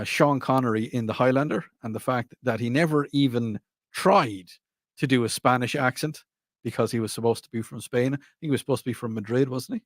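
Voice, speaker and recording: A man hosts a radio talk show in a casual, meandering way, circling back and fixing his words as he goes. His voice sits at an ordinary middle pitch. The studio sound is dry and close. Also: no room sound. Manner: rambling, self-correcting, laughs often. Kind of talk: casual chat.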